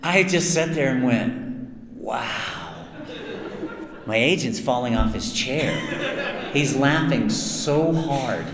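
With a crowd in the background, a man with a mid-range voice takes his time, pausing often, as he answers fans at a convention panel. A voice actor, he tells long, self-mocking anecdotes in a chatty manner, acting out the quotes. The hall echoes and there's some noise.

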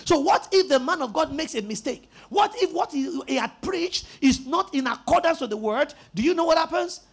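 A pastor preaching a sermon in an emphatic style, repeating key words and rising into shouts. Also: male voice, very high-pitched, animated, moderate pace, gravelly.

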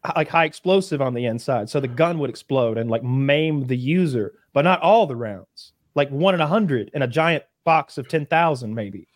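A man's voice: medium pitch, lively intonation, moderate pace, few pauses, no echo. A man in casual chat, rambling at length and dropping dry, sarcastic jokes.

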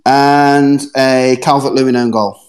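A man's voice: medium pitch, steady tone, measured pace. A man on a podcast panel, hesitant at first and boastful, speaking over a phone. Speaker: panel guest. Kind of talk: casual chat.

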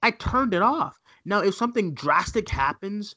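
A man's voice: sits high, moderate pace. A man co-hosting a casual movie podcast, ranting and mimicking voices as he talks. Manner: animated, ranting, mocking voices. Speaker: co-host.

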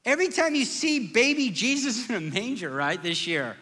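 A man's voice: lively intonation, moderate pace, bright, forceful tone, in a large hall. A man preaching a sermon as pastor, conversational and emphatic, asking the congregation questions. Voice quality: self-described squeaky voice.

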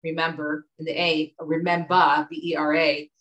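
A middle-aged woman from the United States with a lowish voice talks as an interview guest. She tells stories in a lively, chatty way. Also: moderate pace, highs cut off. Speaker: author and guest. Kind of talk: conversational interview.

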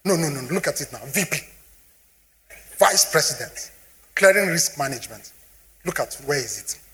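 Animated Nigerian man addressing an audience. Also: a little high, moderate pace. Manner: animated, asks the audience questions often. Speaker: speaker on personal finance. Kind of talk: motivational talk to an audience.

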